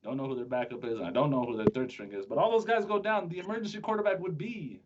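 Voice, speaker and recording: A man's voice: on the high side, quick pace, background noise. A man hosting a sports podcast, chatting casually and joking with his co-host, often restarting his sentences. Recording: dull lo-fi sound.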